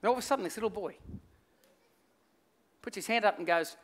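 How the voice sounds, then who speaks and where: A male pastor preaching a sermon, telling stories with lively acted-out voices. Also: high-pitched, brisk. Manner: animated storytelling, acts out voices in the story. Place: church hall. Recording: reverberant church hall.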